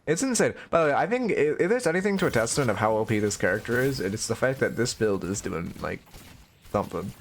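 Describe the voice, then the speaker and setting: A man's voice: medium pitch, sing-song, quick pace, slight background noise. A man giving casual live-stream coaching commentary on a video game, blunt and opinionated, swearing freely.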